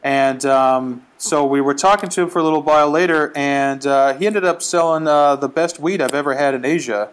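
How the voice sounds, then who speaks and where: Man telling a lively travel tale. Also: a little high, moderate pace, hardly any pauses, clear, resonant tone. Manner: animated, acts out the voices in his story. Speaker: podcast guest. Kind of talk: casual storytelling.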